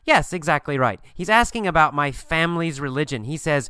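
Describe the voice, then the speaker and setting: A man's voice: a little high, expressive, a little fast, hardly any pauses, sharp tone, clear, resonant tone, no echo, clean studio sound. A man teaching an English lesson by telling a story, asking questions and answering them himself with emphatic repetition.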